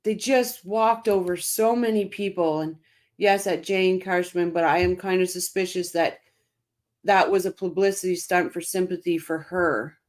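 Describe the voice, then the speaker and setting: A woman's voice: fairly low pitch, fairly even intonation, normal speed. A woman hosting a casual live-stream, reading out viewer comments by name and answering them with emphatic, impassioned commentary, often repeating her phrases.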